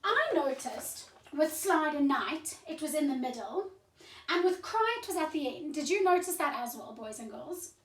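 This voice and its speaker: A woman teaching a phonics lesson to young children in a slow, clear teacherly voice, sounding out letters, heard from a distance in a roomy space. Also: high voice, sing-song, a bit bright. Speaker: primary school teacher.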